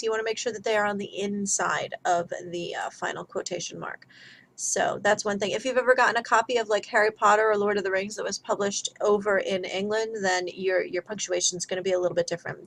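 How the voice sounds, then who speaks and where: A woman's voice: mid-range voice, low-quality recording. Woman, teacher, chatty grammar lesson, step-by-step explaining.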